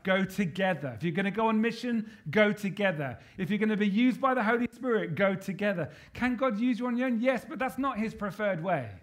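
High-voiced man preaching an emphatic sermon. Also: expressive, fairly quick, hardly any pauses. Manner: emphatic, rallying the congregation with call-and-response questions.

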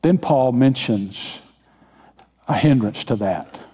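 A man's voice: medium pitch, lively intonation, slow, warm tone, breathy edge. A man preaching a sermon as senior pastor, speaking emphatically with repeated phrases and leading the congregation in call-and-response. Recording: long reverb of a large hall.

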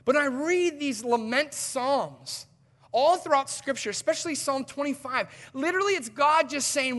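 A male pastor preaching a sermon in an animated, conversational way with emphatic swings in delivery. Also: very high-pitched, normal speed.

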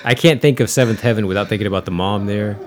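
A man's voice: lowish voice, quick pace. A man co-hosting a casual podcast, joking and teasing while reacting to a TV show. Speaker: podcast co-host. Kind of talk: casual chat watching a TV show.

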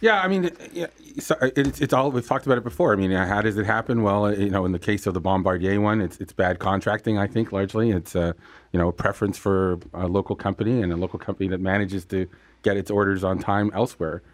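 A man, a former official, talking quickly and with exasperation on a radio panel. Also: fairly low pitch.

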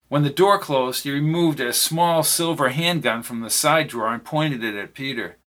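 A man narrating a thriller audiobook in a steady reading voice. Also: mid-range voice, normal speed.

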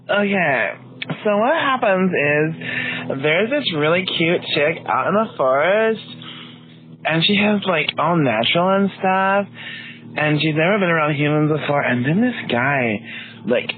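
A man reviewing a film in a slow, meandering way, his voice pitched a little high. He hesitates often, and the sound is thin and phone-like with a faint hiss. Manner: rambling, hesitant, many fillers. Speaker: voice actor guest reviewer. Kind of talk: casual recorded review.

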